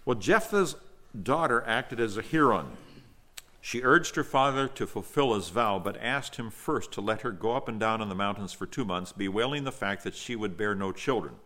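Male Bible teacher, lower register, earnest and explanatory, reads a passage then teaches on it. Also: expressive, moderate pace, bright, forceful tone. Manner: earnest, explanatory, with fillers and restarts. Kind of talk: Bible reading and verse-by-verse teaching.

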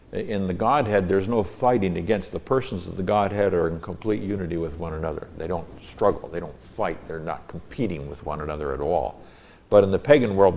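A man teaching a Bible lesson, reading the verses aloud in a measured, deliberate way and then explaining them word by word. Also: deep voice, gravelly, a little mellow.

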